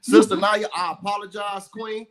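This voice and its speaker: A man's voice: high voice, little pitch movement, moderate pace, over a noisy crowd, rough recording. A man in his forties hosting a casual group call, laid-back and stammering, cursing freely. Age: 40s. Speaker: host. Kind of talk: casual online group chat.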